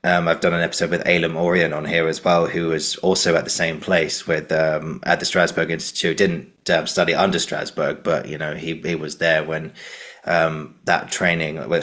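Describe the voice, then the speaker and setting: A man's voice: rumbling low, a bit bright. A British man hosting a podcast interview, talking in a rambling way with lots of restarts and "you know". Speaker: podcast host. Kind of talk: casual interview chat.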